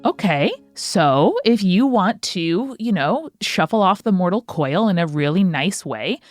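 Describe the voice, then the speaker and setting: A woman's voice: fairly low pitch, lively intonation, no room sound, soft background music. Dry-sounding woman with joking asides. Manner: reacts with quick, joking asides. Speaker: podcast co-host. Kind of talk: casual chat.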